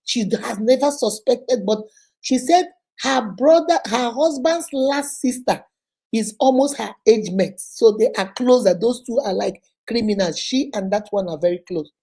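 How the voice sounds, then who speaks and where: Nigerian woman storyteller, mellow tone, fairly high. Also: measured pace, breathy edge. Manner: animated retelling, acts out quoted voices, chatty asides to viewers. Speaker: vlogger.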